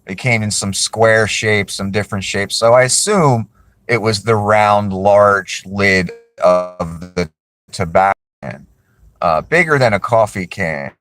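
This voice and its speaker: A man's voice: on the low side, unhurried, a bit bright, dry recording. A man casually talking to camera, rambling and apologetic as he corrects himself. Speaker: video creator.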